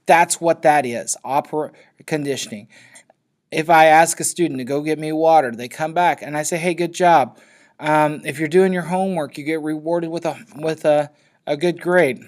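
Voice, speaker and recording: A man's voice: a little high, moderate pace. Guy teacher talking through a class lesson, casual, keeps checking okay?. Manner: loose, checks in with frequent "okay?". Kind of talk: classroom lecture.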